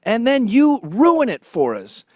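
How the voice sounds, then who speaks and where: A high, whining voice of an indignant young man, as a commentator mocks him with a put-on falsetto. It's recorded dry and close. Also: wildly swooping pitch, measured pace, no room sound, full character voice. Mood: whiny. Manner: mocking high-pitched whine.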